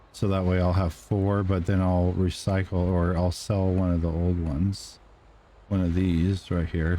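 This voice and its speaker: This is casual gameplay commentary from a man playing a farming game on stream, talking loosely with many ums and uhs. His voice is low-pitched and warm; he clears his throat, and the room sounds dusty.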